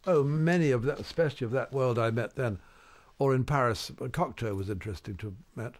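A man's voice: medium pitch, brisk. An older man, a radio interview guest, telling wry stories in an anecdotal way with hesitant restarts.

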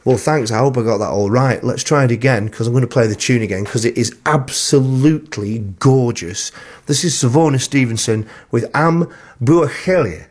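A man's voice: mid-range voice, moderate pace. A man hosting a radio music show, chatting playfully and reading out listener emails in a self-deprecating way. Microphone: studio broadcast mic.

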